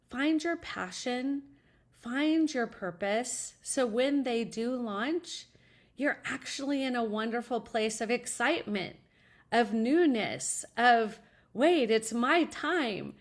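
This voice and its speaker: A woman's voice: on the high side, slow. Upbeat, earnest middle-aged woman. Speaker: guest, college advisor. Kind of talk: interview answer, personal storytelling.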